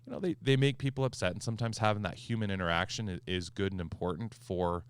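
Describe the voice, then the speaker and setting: A man hosting a podcast, a property manager telling a story in a casual, animated way and acting out the quoted back-and-forth. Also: fairly low pitch, fast, clean tone, no echo, studio quality. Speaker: HOA manager and podcast host.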